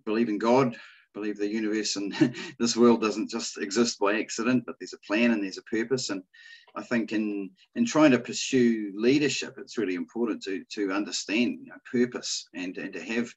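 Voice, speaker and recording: A man's voice: on the low side, steady tone, moderate pace, husky, poor audio. A man, a school principal, speaking thoughtfully and with hesitation in a podcast interview. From New Zealand. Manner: thoughtful, hesitant, many fillers.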